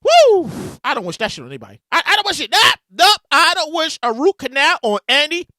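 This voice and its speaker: A man hosting his podcast, telling stories in a loud, animated casual monologue. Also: extremely high pitch, quick pace, no echo, clean studio sound. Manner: animated, loud storytelling with bursts of shouting. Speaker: podcast host. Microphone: podcast mic with a soundboard.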